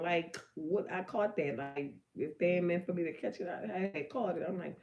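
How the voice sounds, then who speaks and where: Animated New Orleans woman rambling live. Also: mid-range voice, brisk. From New Orleans area, Louisiana. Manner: animated, swings between loud and hushed, swears. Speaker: livestream host. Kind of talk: rambling live-stream monologue.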